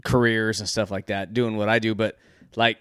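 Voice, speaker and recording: A man's voice: on the low side, level tone, moderate pace, clean tone, no room sound, studio quality. A man co-hosting a casual podcast, joking crudely, rambling and laughing often. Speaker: podcast co-host. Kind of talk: casual chat.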